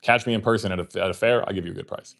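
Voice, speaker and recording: A man's voice: fairly low pitch, fairly even intonation, racing, creaky, fairly bright tone. A man hosting a livestream, telling a long casual story in a rambling way, full of fillers and swearing. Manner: acts out remembered conversations in his telling. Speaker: livestream host.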